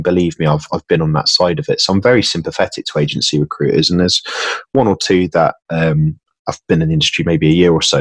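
A man's voice: low-pitched, no room sound. A man in casual podcast chat, rambling earnestly and often correcting himself. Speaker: podcast guest, hiring client.

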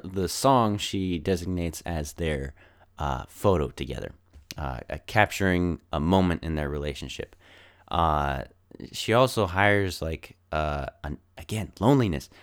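A man's voice: low voice, clean tone. A man casually recapping a film, rambling and thinking aloud as he goes. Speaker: film reviewer.

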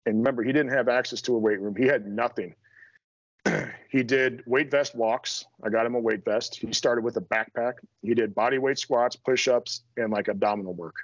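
A man's voice: medium pitch, fairly even intonation, moderate pace, no echo, highs cut off. A middle-aged man, a strength coach, talking as a podcast guest in a blunt, direct, self-deprecating way. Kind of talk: casual interview chat.

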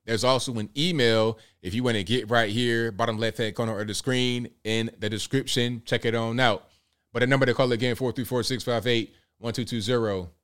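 A man's voice: medium pitch, fairly even intonation, fairly quick, clear, resonant tone. A man hosting a live call-in show, reading out viewer comments and taking calls in an upbeat way. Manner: upbeat, reads out viewer comments and shout-outs. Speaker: show host.

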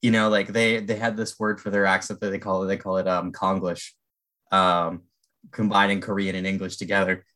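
A man from Canada hosts a casual interview in a fairly low voice. He rambles in a friendly way and often pokes fun at himself. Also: little pitch movement, normal speed, bright, forceful tone. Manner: friendly, rambling, self-deprecating.

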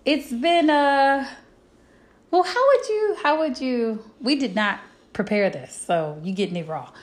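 Woman, podcast co-host; animated, blunt, direct; slightly higher voice; casual chat. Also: unhurried. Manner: animated, laughing, restarts her thoughts.

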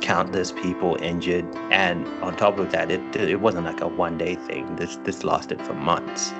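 A man's voice: low-pitched, flat delivery, normal speed, over loud music. A man co-hosting a casual podcast chat, laid-back and laughing often. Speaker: podcast co-host.

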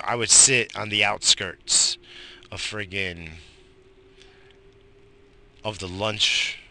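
A young man from Long Island rambles through a casual, profane monologue, a little high, circling back and restarting his thoughts. His voice is low and gravelly but has a sharp, bright edge. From Long Island, New York. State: slightly high. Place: outdoors in bright sun.

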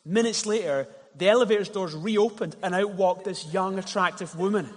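Male pastor, slightly high voice, conversational sermon with story illustrations, recorded in a reverberant church hall. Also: normal speed. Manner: conversational storytelling, repeats words when starting a thought.

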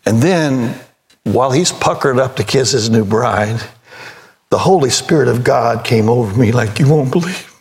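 A man's voice: mid-range voice, animated, moderate pace. An older man preaching a sermon as pastor, telling a story in a folksy way and acting out both sides of the conversation, then rising to emphatic preaching.

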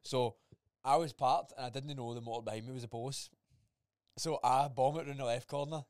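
A man's voice: mid-range voice, fairly even intonation, fairly quick, darkish tone, clear, resonant tone, dry recording. A young Scottish man co-hosting a podcast, bantering and laughing as he tells a story. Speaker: podcast co-host. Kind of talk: casual chat.

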